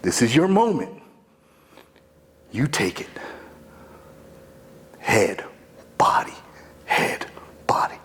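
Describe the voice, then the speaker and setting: A man playing an older brother and boxing trainer, giving an urgent pep talk that swings between loud pushes and hoarse whispers. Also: on the high side, sing-song, slow pace, pauses often, pitched above the performer's own voice, full character voice. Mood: intense. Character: boxing trainer big brother, washed-up and fiercely pushing.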